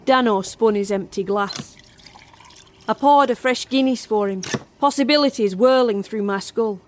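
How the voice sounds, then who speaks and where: A woman's voice: fairly high pitch, moderate pace, slight background noise, lightly acted. A woman narrating a first-person horror tale as a barmaid in an audio drama. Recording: music score underneath.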